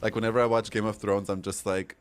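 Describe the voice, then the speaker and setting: A man's voice: lowish voice, level tone, fast, clear, resonant tone. A man streaming a game, chatting casually and giggling as he reacts to chat messages.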